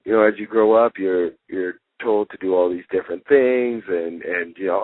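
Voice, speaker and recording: Young man, low voice, easygoing storyteller, heard over a dry phone line. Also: moderate pace, hardly any pauses, no echo. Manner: relaxed storytelling, many fillers, laughs easily. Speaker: guest wrestler. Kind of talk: casual interview.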